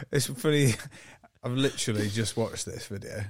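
A man's voice: mid-range voice, heavy background noise. A man co-hosting a casual podcast, chipping in with dry, short quips. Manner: dry one-word quips. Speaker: podcast co-host. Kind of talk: casual banter.

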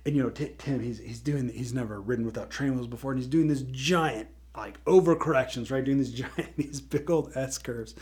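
A man giving a casual motivational talk, retelling a film scene as an animated storyteller who laughs often and repeats words. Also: medium pitch, brisk, few pauses.

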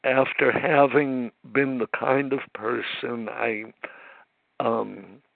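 A man nervously sharing his recovery story at a meeting, halting and emotional with many restarts and pauses, heard over a phone line. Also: medium pitch, fairly even intonation, vocal fry, no echo. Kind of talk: personal recovery share.

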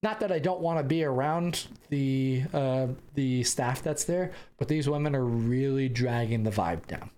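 A man's voice: mid-range voice, measured pace, few pauses, dark tone. A young American man hosting a podcast, telling a travel story casually with rambling restarts and bursts of laughter. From United States. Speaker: podcast host.

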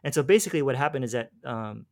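Man, casual storytelling, rambling with restarts, slangy, mid-pitched voice. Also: lively intonation, fast talker, vocal fry. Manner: rambling, restarts, says "dude" and "bro". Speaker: guest telling his faith story.

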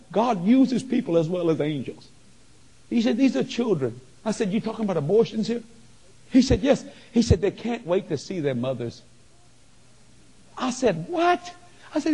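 High, husky male preacher, lively swings, excitable storyteller, big hall with long reverb. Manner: excited storytelling, stammers and exclaims. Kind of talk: sermon testimony.

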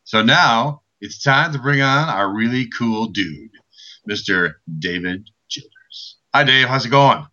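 Bright-voiced male radio host, lo-fi. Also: medium pitch, animated, measured pace. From Chicago. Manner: loose, chatty, joking, many fillers. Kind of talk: casual radio interview.

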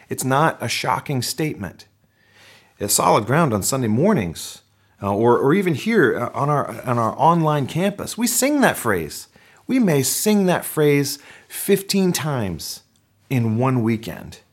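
A man, a pastor, preaching a conversational sermon with animated delivery and frequent restarts. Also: mid-range voice.

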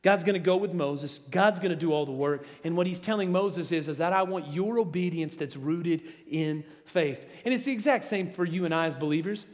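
A man preaching a sermon as pastor, animated and building to emphatic peaks. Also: a little high, fairly quick, hardly any pauses. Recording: long hall reverb.

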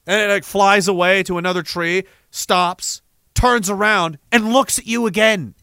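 A young man rambling comedically to a live audience in a profane, animated way, reading viewer messages and breaking into sudden shouts. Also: sits high, normal speed, clear, resonant tone, dry recording, studio quality. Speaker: live streamer.

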